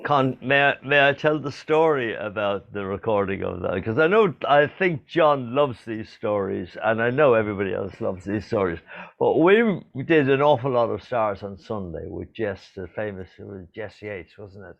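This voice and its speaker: A man's voice: on the low side, expressive, moderate pace, creaky, highs cut off. An older Irish man, a singer co-hosting a live video show, chatting in a playful, showman's way. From Ireland. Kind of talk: casual chat.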